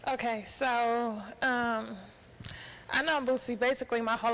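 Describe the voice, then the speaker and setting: Tearful young woman, high bright voice. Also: flat delivery, slight background noise, poor audio. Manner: tearful, halting, many fillers. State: holding back tears. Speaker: mourner giving a eulogy. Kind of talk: emotional tribute at a funeral.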